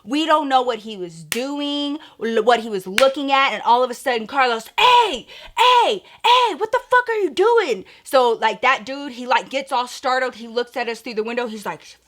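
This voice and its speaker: A woman's voice: a little high, normal speed, few pauses, a bit bright. A woman vlogger telling a story in a casual, profane, chatty way, talking straight to her viewers.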